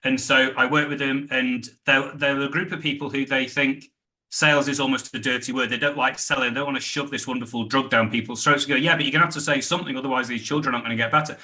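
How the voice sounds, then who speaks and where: A middle-aged British man, a sales trainer, telling animated stories in a podcast interview and acting out the dialogue. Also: medium pitch, fast. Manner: animated anecdotes, acts out quoted dialogue.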